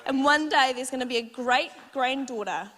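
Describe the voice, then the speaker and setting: A young woman preaching to a church congregation, her high, bright voice running through a chatty, animated testimony full of "like" and laughter. Her words ring with the long reverb of a large church auditorium. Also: normal speed. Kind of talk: testimony-style sermon.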